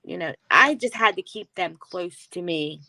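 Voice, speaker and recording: A chatty woman guest speaks in a slightly low but bright, crisp voice, reassuring and quick to laugh. Her sound is dry and close, with no room around it. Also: animated, no room sound, low-quality recording. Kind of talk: casual live-stream chat.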